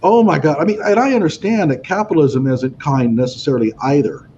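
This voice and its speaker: A man's voice: fairly high pitch, a little fast, dark tone. A man in a casual discussion, speaking in an emphatic, opinionated way. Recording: dull lo-fi audio with faint noise.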